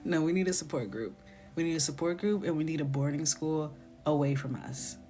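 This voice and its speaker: A woman in her thirties, chatting casually on a coloring live stream and telling playful, animated stories that sometimes drop to a whisper. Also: low voice, a little fast, soft background music.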